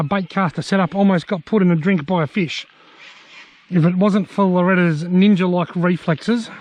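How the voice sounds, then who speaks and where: Aussie bloke chatting while he fishes, high-ish voice, cracking jokes by the river. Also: darkish tone. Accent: Australian. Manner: joking, chatty, tells gags between bites. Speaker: fishing vlogger. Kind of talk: casual outdoor commentary to camera. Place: riverbank outdoors in the evening.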